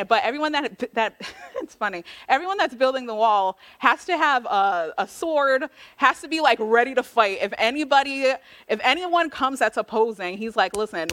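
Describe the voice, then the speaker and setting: A woman's voice: a little high, a bit bright. A woman preaching a casual sermon, retelling a Bible story in a chatty, slangy way and acting out the quoted lines with little voices.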